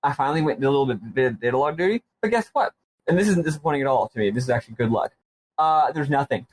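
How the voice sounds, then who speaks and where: A man's voice: medium pitch, expressive, very fast, slight background noise, poor audio. A man hosting a podcast, casually recapping with enthusiastic, rambling asides and plenty of ums. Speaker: podcast host.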